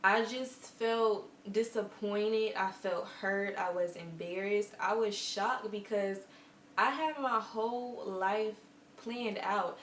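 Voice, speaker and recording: Young woman vlogger, casual and earnest storytelling, mid pitch, echoey room, faint background hum. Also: fairly even intonation, takes it slowly, fairly bright tone. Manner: chatty and earnest, with quoted asides.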